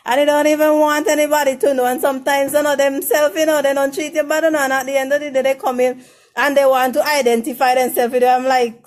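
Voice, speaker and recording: A woman's voice: high voice, level tone. A woman hosting a casual advice talk, blunt and frank, stumbling over and repeating her words. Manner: greets viewers by name in a slow sing-song. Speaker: host of a relationship advice show.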